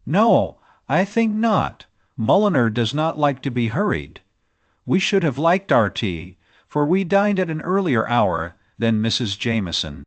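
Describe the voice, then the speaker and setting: Cast a man putting on a dithering old gentlewoman, fussy and high, for a storybook reading, very lively. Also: measured pace, no room sound. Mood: fretful. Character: fretful, helpless elderly genteel hostess.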